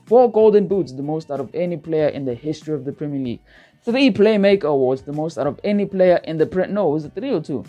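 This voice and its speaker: A man's voice: a little high, animated, a little fast, warm tone, soft background music. A man hosting a football channel, ranting heatedly and profanely, repeating himself for emphasis. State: worked up, feels hot-headed. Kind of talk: heated football rant to camera.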